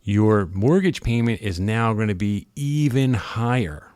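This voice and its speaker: A man from the area co-hosting a podcast, chatting casually and excitably, acting out voices in his stories. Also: fairly low pitch, measured pace, clean tone, no echo, studio quality. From Philadelphia area. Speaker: podcast co-host. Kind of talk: casual chat.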